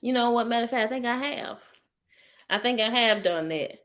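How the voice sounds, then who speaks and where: A woman's voice: a little high, brisk, fairly bright tone. A woman, hosting a casual live talk and speaking straight to her viewers as y'all. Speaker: host of a live healing talk. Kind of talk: live-stream chat.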